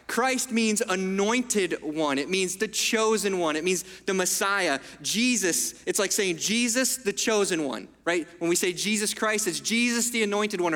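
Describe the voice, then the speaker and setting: High, bright-voiced man preaching in a hall. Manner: conversational, asks the room for agreement. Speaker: pastor. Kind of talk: sermon.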